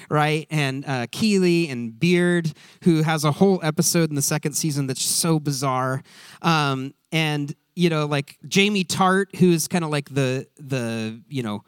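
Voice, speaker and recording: A man preaching in a loose, casual way, animated and rambling with lots of fillers and restarts. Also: fairly high pitch, smooth, dry recording. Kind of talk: casual sermon aside.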